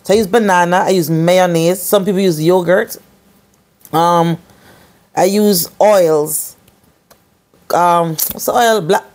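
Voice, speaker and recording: A woman's voice: fairly low pitch, takes it slowly, long pauses, a little mellow. A woman chatting casually to camera as a hair care vlogger, rambling and slipping into patois.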